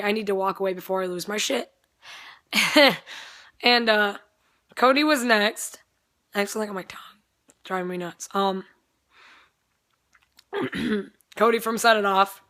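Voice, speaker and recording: Bright-voiced excitable young woman vlogger. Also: medium pitch. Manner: excitable, rambling, swears freely. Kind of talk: casual chat.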